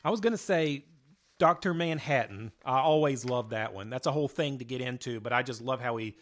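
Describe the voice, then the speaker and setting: A man's voice: mid-range voice, brisk. A man co-hosting a casual podcast, talking enthusiastically and rambling with fillers. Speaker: podcast co-host. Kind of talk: casual chat.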